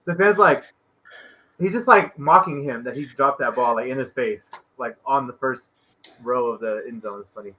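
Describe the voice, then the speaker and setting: A man's voice: medium pitch, moderate pace, a crowd in the background, poor audio. A man co-hosting a casual sports stream, talking loosely with lots of filler and trailing off at sentence ends. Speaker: co-host.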